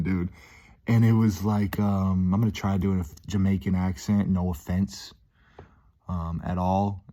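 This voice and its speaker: A man's voice: low-pitched, darkish tone. A man talking casually to his viewers in a rambling, upbeat way, full of "dude", "um" and restarts. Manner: many "um"s and restarts. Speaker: vlogger. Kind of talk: casual monologue to camera.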